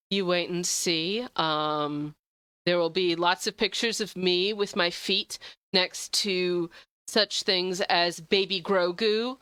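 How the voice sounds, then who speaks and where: A young woman streaming a game, chatting with viewers in a bubbly, gushing way, jumping high when excited. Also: smooth, no room sound. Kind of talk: casual gameplay stream chat.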